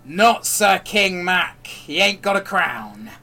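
A man doing a booming pit-fight announcer. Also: very animated, sharp tone, soft background music, exaggerated voice. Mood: proclaiming. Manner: slow, drawn-out proclaiming.

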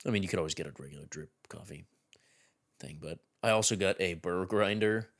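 Deep-voiced, relaxed male podcast co-host. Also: fairly quick. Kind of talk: casual podcast chat.

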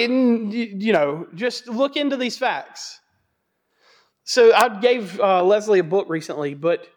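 High-voiced joking Bible teacher, man. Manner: conversational and joking; emphatic repetition.

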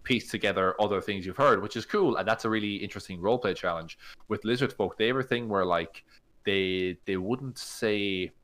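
A man co-hosts a tabletop gaming podcast, rambling through casual chat with plenty of fillers. His voice is on the low side and a bit bright, and he talks a little fast.

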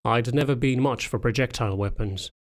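A man reading a novel aloud as a first-person audiobook narrator, in a calm, measured way. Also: mid-range voice.

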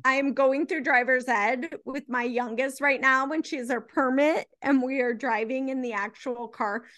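A woman in her forties co-hosting a casual movie review chat, animated and quick to do mock voices when quoting. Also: sits high, no echo. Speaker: podcast co-host.

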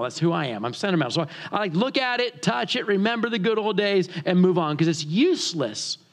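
A man from the northern United States preaching a sermon as pastor, telling a story with animated humor. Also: high voice.

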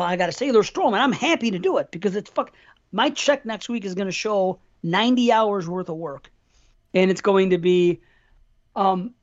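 A middle-aged man from New York State holds the floor on a casual podcast and tells a long, rambling story. He swears freely and keeps looping back and restarting his thoughts. The recording sounds dull and lo-fi. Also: high-pitched. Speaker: podcast co-host. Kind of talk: casual chat.

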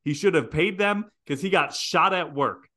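A man's voice: fairly high pitch, normal speed, pushed and bright. A man co-hosting a podcast, chatting casually and joking with emphatic repetition. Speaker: podcast co-host. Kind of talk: casual chat.

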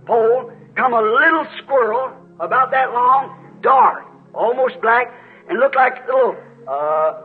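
A man preaching a sermon and telling a personal story to his congregation, rambling and earnest, calling out to people in the pews. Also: very high voice. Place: church before a congregation. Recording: dull lo-fi recording.

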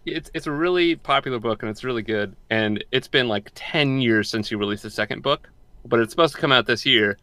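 A man's voice: mid-range voice, brisk, bright, forceful tone, dry recording. A young man co-hosting a podcast, chatting casually and rambling, often repeating and restarting his words. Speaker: podcast co-host.

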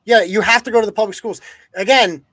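A man's voice: high voice, fast talker, bright, forceful tone, dry recording. A man hosting a live news-commentary podcast, ranting with heavy profanity and sarcasm. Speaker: podcast host.

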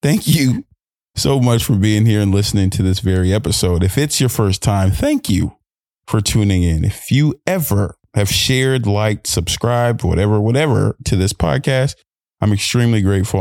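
Playful male podcast host, low and dry. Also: normal speed, gravelly, a little mellow, no echo. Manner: playful, rambling and self-correcting. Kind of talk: casual podcast intro. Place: hotel room.

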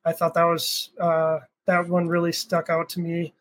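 Young male guest, slightly high, relaxed and rambling, swears casually. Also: moderate pace, poor audio. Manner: laid-back, rambling with fillers and swearing. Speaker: podcast guest. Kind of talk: casual chat.

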